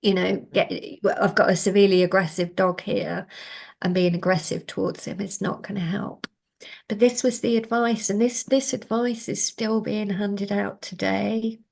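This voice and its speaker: A middle-aged woman, a guest on a video call, telling a story in an animated way. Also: mid-range voice, normal speed, vocal fry. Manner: animated storyteller, acts out quoted voices. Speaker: guest, canine healer. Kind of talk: storytelling interview answer.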